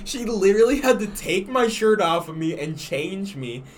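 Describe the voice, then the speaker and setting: A man's voice: sits high, expressive, moderate pace, a little hiss or hum. A young man hosting a podcast in casual chat, telling a rambling story full of crude slang. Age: young adult. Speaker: podcast host.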